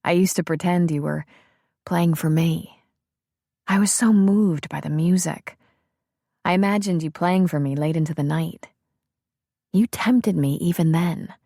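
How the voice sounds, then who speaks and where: A woman reading the part of a woman newly in love in an audiobook, with soft, breathy, wondering delivery. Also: fairly low pitch, measured pace, long pauses, no echo, clean studio sound. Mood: playful.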